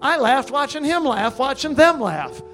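An older man preaching, telling a story in an animated way and breaking into loud laughs and high exclamations. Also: normal speed, soft background music. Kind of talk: sermon testimony.

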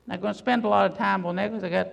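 A woman's voice: mid-range voice, steady tone, rapid-fire, creaky, rough recording. A woman preacher delivering a sermon, emphatic and full of rhetorical questions.

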